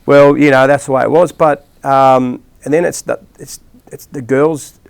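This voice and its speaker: A man's voice: medium pitch, fairly even intonation, normal speed, creaky, smooth. A middle-aged Australian man, a rugby league coach, telling rambling stories in a casual interview with lots of restarts and fillers.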